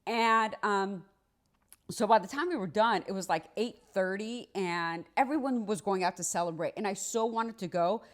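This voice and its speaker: Animated woman telling a personal story. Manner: animated, acts out dialogue with big pitch swings; conversational, many fillers like "like" and "right". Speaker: trial lawyer. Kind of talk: storytime monologue.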